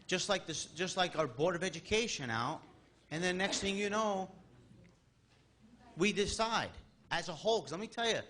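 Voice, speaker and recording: A thirtysomething man speaks at a town board meeting's public comment, exasperated and rambling, with many restarts. He talks at a moderate pace in a high, expressive voice that sounds pushed and bright.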